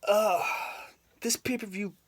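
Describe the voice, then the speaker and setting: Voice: medium pitch, steady tone, slow, heavy background noise. A video reviewer ranting in an exasperated, emphatic way, often repeating the same point. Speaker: wrestling reviewer on a video channel.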